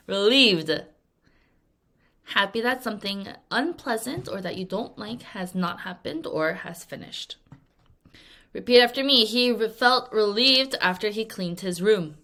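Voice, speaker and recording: A woman's voice: mid-range voice, animated, moderate pace, pushed and bright. A woman teaching English vocabulary to young students in a recorded lesson, acting out example sentences playfully and laughing often at her own acting.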